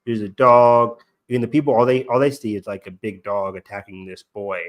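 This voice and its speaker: A man's voice: on the low side, fairly even intonation, normal speed, muffled recording. A young man co-hosting a casual review chat, rambling with lots of fillers and acting out lines he quotes. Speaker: podcast co-host.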